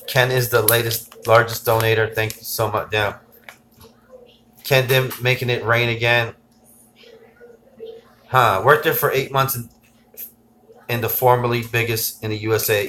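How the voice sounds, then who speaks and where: A man hosts a casual tech livestream with a bright, sharp voice. He talks to his viewers, reads their comments aloud and hands out shout-outs. His delivery is loose and excitable. A faint bit of background noise sits under his voice. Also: mid-range voice.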